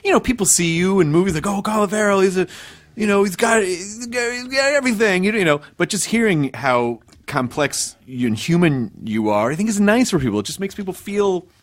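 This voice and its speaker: A man's voice: high-pitched, big pitch swings, a little fast, dry recording. A man hosting a podcast, chatting in a playful, jokey manner. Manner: playful, jokey, does mock voices. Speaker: podcast host. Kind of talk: casual interview chat.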